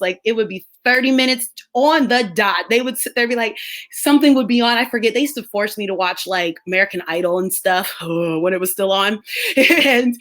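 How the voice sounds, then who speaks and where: Woman, young adult, live stream host, casual chat, bright tone, slightly high, laughs often. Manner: chatty, laughs often, drifts between topics while reading chat.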